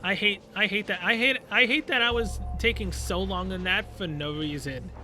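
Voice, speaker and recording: A man's voice: high voice, moderate pace, bright, forceful tone. A young man doing let's play commentary, ranting in exasperation and mocking a puzzle sarcastically. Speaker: gamer playing through a story game. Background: game music.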